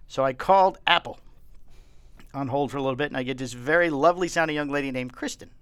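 A man's voice: medium pitch, quick pace, clear, resonant tone, no room sound. A man co-hosting a podcast, telling stories in casual chat and laughing often. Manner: laughing, animated storyteller. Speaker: podcast co-host.

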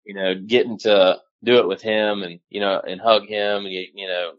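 A man guest telling a lively hunting story, casual and profane, with lots of fillers. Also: lowish voice, normal speed, highs cut off. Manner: animated, swears casually, many fillers. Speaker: guest hunter.

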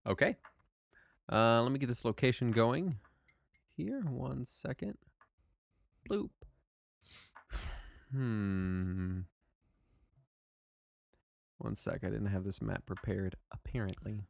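A man running a tabletop game as game master, narrating in a relaxed way with plenty of fillers and easy laughter. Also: fairly low pitch, takes it slowly, gravelly, pauses often, no room sound.

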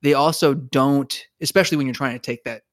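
A man's voice: mid-range voice, steady tone, brisk, no echo, studio quality. A man co-hosting a casual recap chat, rambling with lots of restarts and fillers. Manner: rambling, many restarts and "like" fillers, laughs often. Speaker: podcast co-host.

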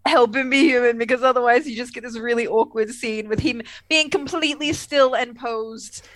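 A woman's voice: a little high, steady tone, moderate pace, a bit bright, no room sound. A woman co-hosting a podcast, chatting casually and rambling with lots of fillers and laughs. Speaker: podcast co-host. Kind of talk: casual chat.

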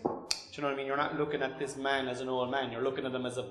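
A man's voice: medium pitch, level tone, rapid-fire, fairly bright tone, roomy sound. An Irish man hosting a podcast, asking questions in a casual, enthusiastic way and swearing freely. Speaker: podcast host. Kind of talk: casual interview.

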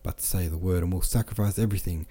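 A man's voice: low voice, steady tone, fast talker, mellow, husky. A man reading the lines of an emotional, blustering older count in an audiobook.

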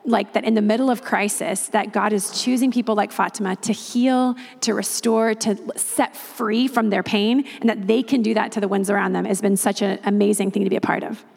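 Gravelly woman missionary sharing a testimony. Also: medium pitch, fairly quick, few pauses, in a large hall. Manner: animated, retells others' words at length. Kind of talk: personal testimony storytelling.

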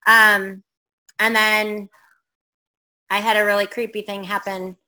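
A middle-aged woman with a bright, lively tone tells a ghost story in casual conversation. She rambles with fillers and slips into the voices of the people she quotes. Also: mid-range voice, takes it slowly, poor audio. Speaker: guest telling a ghost story.

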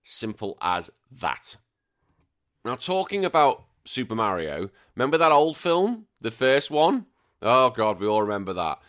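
A man's voice: mid-range voice, sing-song, moderate pace, fairly bright tone. A man hosting a podcast, giving his opinions in a casual solo ranting commentary with lots of restarts. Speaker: podcast host.

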